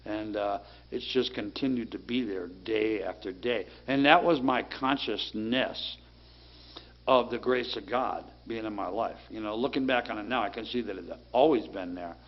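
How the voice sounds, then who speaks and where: A man's voice: fairly low pitch, moderate pace. A middle-aged man giving a plainspoken personal recovery testimony, talking casually with many fillers. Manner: plainspoken, conversational, full of fillers. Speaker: recovery speaker. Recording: dull lo-fi sound.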